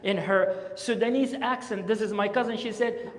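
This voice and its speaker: A man giving an impassioned Friday sermon as a guest speaker at a mosque, swinging between loud urging and hushed pauses. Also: high-pitched. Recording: long hall reverb.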